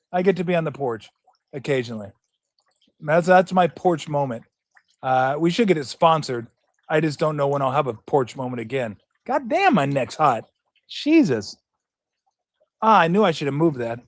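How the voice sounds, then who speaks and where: A man's voice: on the high side, no echo, clean studio sound. A middle-aged man hosting a sports talk show, ranting in a profane, rambling, fired-up way. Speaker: sports radio host. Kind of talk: casual sports talk rant.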